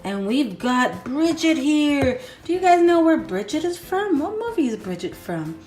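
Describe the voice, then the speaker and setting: A young woman hosting a children's toy video, talking in a sing-song, excited way and counting slowly. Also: high voice. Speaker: kids' toy video host. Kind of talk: children's toy play narration. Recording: echoey room, faint music.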